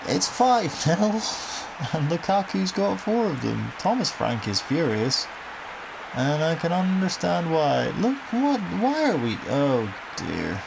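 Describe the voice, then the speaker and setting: A young man talks over his football game in a casual, wry way, sighing at goals and swearing now and then. His voice is gravelly with fry at the ends of phrases. There is clear noise behind him throughout the recording. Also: a little high, big pitch swings, slow. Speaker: gaming commentator.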